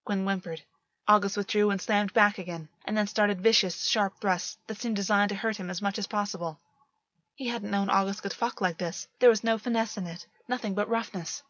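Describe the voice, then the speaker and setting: Female audiobook narrator, measured delivery, dry lo-fi home recording. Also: medium pitch, steady tone, a bit bright, no echo. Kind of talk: audiobook reading of fan fiction. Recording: dull lo-fi, dry.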